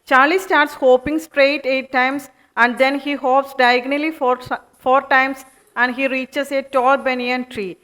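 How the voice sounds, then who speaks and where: A woman narrates a children's puppet show with a high voice. She tells the story slowly and clearly, step by step. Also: steady tone, a bit bright.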